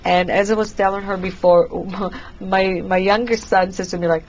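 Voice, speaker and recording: A woman's voice: mid-range voice, steady tone, normal speed, highs cut off, a little hiss or hum. A middle-aged woman hosting a talk show, chatty and affirming, telling personal stories with many restarts.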